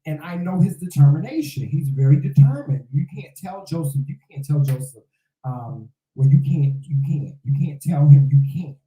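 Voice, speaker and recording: A man's voice: a little high, expressive, moderate pace, warm tone, echoey room, low-quality recording. A man co-hosting a casual chat, speaking earnestly and reflectively, often repeating himself. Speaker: co-host.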